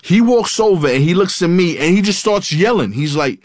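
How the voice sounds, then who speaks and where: A man telling a personal story in an animated way, with sudden pitch jumps for emphasis. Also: normal speed, no echo. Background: music playing underneath.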